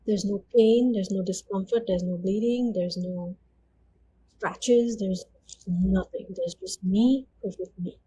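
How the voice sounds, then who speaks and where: A woman sharing her testimony as an interview guest, in a warm, mellow voice. She speaks earnestly and conversationally, often slipping in 'you know' as she goes. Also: mid-range voice, takes it slowly, a little hiss or hum, rough recording. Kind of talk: personal testimony storytelling.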